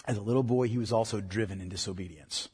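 A pastor preaching a sermon to parents in an earnest, emphatic way. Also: male voice, on the low side, fast talker, a little mellow, slightly rough. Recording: long hall reverb.

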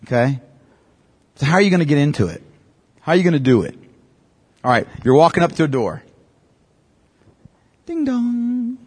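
A man's voice: fairly high pitch, animated, fast, long pauses, slightly rough. A man teaching a church class on evangelism, emphatic and repeating his key points, often checking in with "okay?".

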